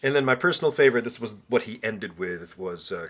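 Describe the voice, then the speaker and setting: A man's voice: fairly low pitch, expressive, fairly quick, heavy background noise. A man co-hosting a podcast in casual chat, reacting with playful, quizzical questions. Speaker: podcast co-host.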